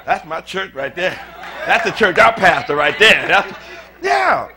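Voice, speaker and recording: A male pastor preaching a sermon to his church, moving from quiet scripture reading to fervent shouted declarations, with chatty asides to the congregation. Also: high voice, moderate pace, a crowd in the background, background noise. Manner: animated, conversational, with asides to the congregation. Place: church sanctuary.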